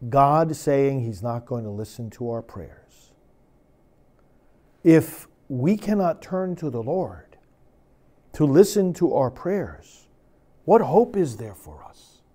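A man's voice: medium pitch, big pitch swings, takes it slowly, pauses often, mellow. A man who is a priest, giving a sermon and reading scripture with emphatic, dramatic force.

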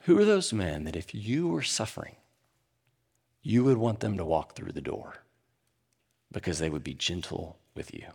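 A middle-aged man preaching a sermon, swinging between animated emphasis and hushed, quiet moments. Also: on the low side, moderate pace, gravelly, pauses often, husky. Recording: long hall reverb.

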